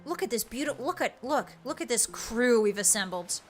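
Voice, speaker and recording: A woman streamer giving excitable, casual commentary while playing a game, bursting into exclamations and now and then slipping into playful pirate talk. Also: on the high side, fairly quick, faint music behind.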